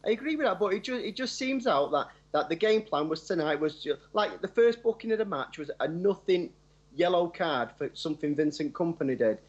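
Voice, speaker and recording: A man's voice: sits high, animated, brisk, slightly rough. Stammering Manchester man on a dull line. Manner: stammering restarts, insistent. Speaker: phone-in caller, City fan. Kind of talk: heated sports phone-in argument.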